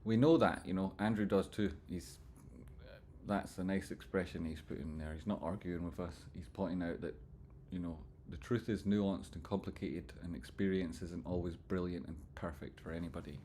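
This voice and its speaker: A Scottish man hosting a casual livestream, reading chat aloud, swearing freely and swinging between loud jokey outbursts and soft sincere asides. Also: low-pitched, steady tone, moderate pace, slight background noise. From Scotland.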